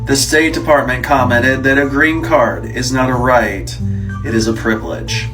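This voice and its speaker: A man reading scripted news-style narration in a measured, matter-of-fact way. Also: medium pitch. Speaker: channel narrator. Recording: distant mic with guitar music bed.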